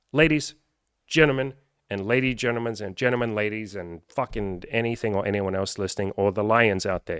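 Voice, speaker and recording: A man coaching viewers in a casual, animated vlog, swearing freely and acting out the people he quotes. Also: on the low side, no echo, clean studio sound. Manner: profane, animated, acts out quoted voices. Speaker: self-improvement coach. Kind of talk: casual direct-to-camera vlog.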